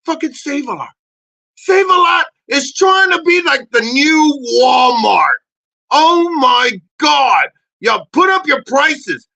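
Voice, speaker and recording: Man putting on a loud crude male dog, high bright voice, swooping pitch, shouty rants. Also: big pitch swings, unhurried, heavily acted. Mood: ranting. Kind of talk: comedy podcast bit.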